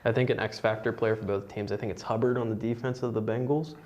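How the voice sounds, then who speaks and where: A man's voice: lowish voice, fairly even intonation, fast, a little mellow, muffled recording. A young man co-hosting a casual sports talk show, giving short opinions and brief agreements. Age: young adult. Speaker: co-host.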